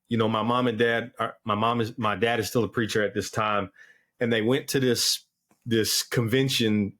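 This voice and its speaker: A man's voice: fairly low pitch, fairly bright tone. A man as a podcast guest, telling his personal testimony in an earnest, candid way with plenty of fillers. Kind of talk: personal testimony in casual conversation.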